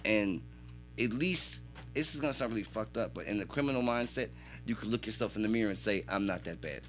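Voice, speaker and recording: A man telling animated, swear-filled stories as a podcast guest in a radio studio. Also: fairly low pitch, a little fast, soft background music. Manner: animated storytelling, heavy swearing. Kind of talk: casual chat.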